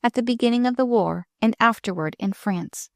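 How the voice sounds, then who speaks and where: A woman reading a calm, firm young woman. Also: fairly high pitch, no room sound, studio quality, pitched above the performer's own voice, close to an everyday voice. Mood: composed. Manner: calm, measured, quietly firm.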